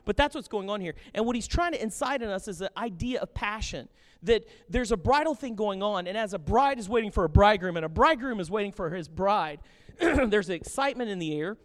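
A pastor preaching a sermon with passion and jokes, animated and lively in his delivery. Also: high voice, fairly quick. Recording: long reverb of a hall.

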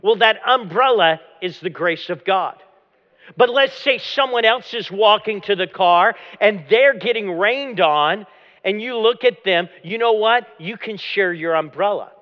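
High-voiced preaching pastor, man. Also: a little slow. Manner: dramatic preaching, dropping to a low hush at phrase ends. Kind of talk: sermon. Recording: long hall reverb, dull lo-fi sound.

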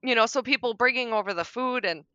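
A middle-aged woman on a podcast, talking candidly about grief, frank and darkly joking, sometimes soft-spoken. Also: a little high, fast talker, clean tone, no echo, highs cut off. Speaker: podcast guest.

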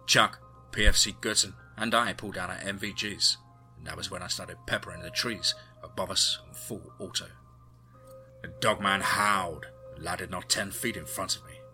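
A man narrating a first-person adventure story in a steady storytelling manner. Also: sits low, moderate pace, soft background music.

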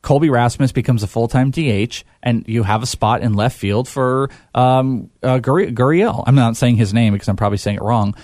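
A man's voice: mid-range voice, fairly quick, hardly any pauses, a little mellow, no echo. Rambling man talking sports, dry sound. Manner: rambling, hesitant with fillers. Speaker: podcast host. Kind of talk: casual sports chat.

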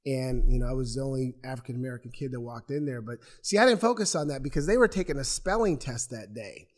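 A man's voice: medium pitch, fast. A man from Portland, Oregon, a former athlete, telling his own stories in an interview and acting out what others said. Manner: animated, acts out voices in his stories. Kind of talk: storytelling in an interview.

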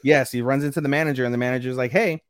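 A man's voice: mid-range voice, little pitch movement, rapid-fire, clear, resonant tone, no room sound, clean studio sound. A man casually recapping an anime episode on a podcast, rambling, stumbling over names and swearing now and then. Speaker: podcast co-host.

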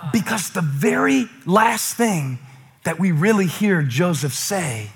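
Bright, animated man preaching a sermon. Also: on the high side. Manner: playful, animated preaching with swings from loud to hushed. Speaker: pastor.

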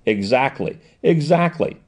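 A man's voice: mid-range voice, expressive. A man reading a hearty agency chief. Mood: questioning. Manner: hearty, brisk questioning.

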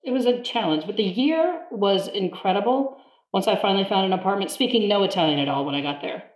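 A woman telling a story in a casual chat, animated and quick to laugh, now and then acting out the people she quotes. Her voice sits in the middle of the range. The room adds a noticeable echo. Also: mid-range voice. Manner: animated, laughs often, mimics others in quotes. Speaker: guest. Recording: roomy echo.

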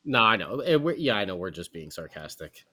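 Podcast co-host: man, bright voice, sarcastic, exasperated rants. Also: fairly low pitch, big pitch swings, brisk. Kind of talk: casual sports podcast chat.

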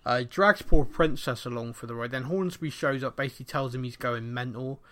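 A middle-aged man co-hosting a podcast, recapping a TV episode in rambling, animated casual chat and laughing often. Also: mid-range voice, a little fast. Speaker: podcast co-host.

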